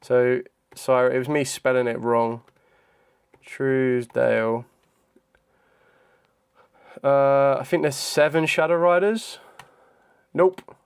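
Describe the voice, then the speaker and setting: Man, young adult, streamer, casual chat, unhurried, thinking aloud, lots of ums. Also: mid-range voice, steady tone, smooth. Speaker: live streamer. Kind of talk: casual live-stream chat during a trivia quiz.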